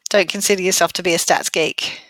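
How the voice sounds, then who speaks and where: A woman's voice: on the low side, fairly even intonation, fairly quick, fairly bright tone, dry recording. A woman co-hosting a podcast, chatting casually, teasing her co-host and laughing often. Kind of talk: casual chat.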